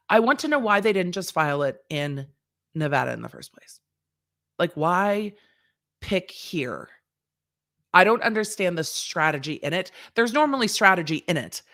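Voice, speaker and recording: A woman's voice: lowish voice, moderate pace, no room sound, clean studio sound. A woman lawyer hosting a casual legal commentary, reading court papers and acting out the judge's lines with sass. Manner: animated, sassy, acts out the court's lines in quotes.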